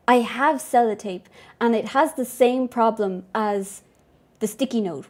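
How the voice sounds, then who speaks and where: A woman's voice: fairly high pitch, a little mellow. A woman game streamer chatting casually to her viewers, scatterbrained and laughing often as she thanks members. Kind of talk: casual live-stream chat.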